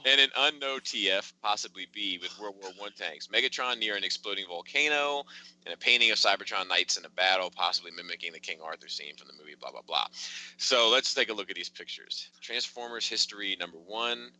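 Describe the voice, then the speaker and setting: A man's voice: lowish voice, animated, a little fast, sharp tone, rough recording. A man hosting a casual podcast, reading news items aloud and adding offhand asides.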